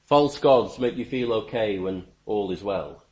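A man preaching a sermon, emphatic, with stammering restarts and sudden rises in pitch and volume. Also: measured pace, darkish tone, highs cut off.

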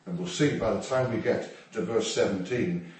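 A man's voice: fairly low pitch, moderate pace, a little mellow. A man preaching a sermon in a conversational, humorous way, with asides to the congregation. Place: church hall. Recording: echoey hall, distant mic, faint noise.

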